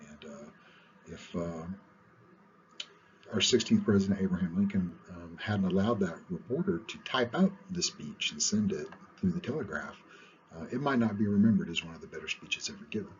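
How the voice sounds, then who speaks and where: A man with a very low voice lectures in an unhurried, conversational way and stops often on "uh". The sound is dull and lo-fi, with a faint hiss underneath. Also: expressive. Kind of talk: recorded lecture on public speaking. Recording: muffled lo-fi recording with faint hiss.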